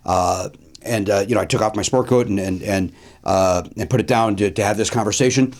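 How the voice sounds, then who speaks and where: Talking a little fast in a fairly low-pitched voice, this male comedian host spins a casual anecdote. He's animated, repeats phrases, and drops in plenty of "uh" fillers.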